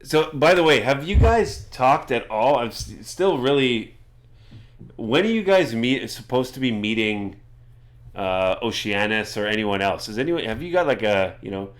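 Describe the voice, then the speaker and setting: A man's voice: medium pitch, very animated, normal speed. A man narrating as game master in a rambling way, with frequent restarts. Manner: rambling, many fillers and restarts.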